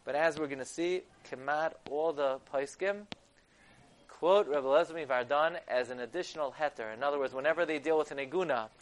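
A man giving a text-study lecture. He reads Hebrew sources and explains them in English, growing loud and emphatic at key points. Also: on the high side, brisk, slight background noise. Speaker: Torah lecturer.

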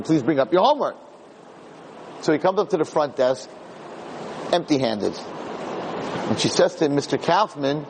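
A man in his sixties, a rabbi, telling a self-deprecating childhood story in a lively lecture, often repeating phrases. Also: a little high, slight background noise, poor audio. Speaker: rabbi giving a Torah talk.

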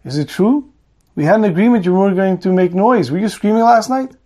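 A stern hospital professor who talks bluntly and scolds without patience, told by a man in a story. The voice sits high. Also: a little fast, warm tone.

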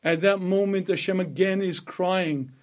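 A man with a fairly high voice gives a slow, deliberate sermon that retells a Midrash. He quotes each Hebrew line and then translates it, pausing often to clear his throat. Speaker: Torah teacher.

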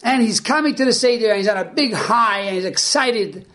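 A man with a high-pitched voice delivers a religious lesson. He tells stories with energy and slips into the voices of the people in them. His teaching is earnest and explanatory. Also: a little fast. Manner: animated storyteller who acts out the people in his stories. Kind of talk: spoken Torah lesson.

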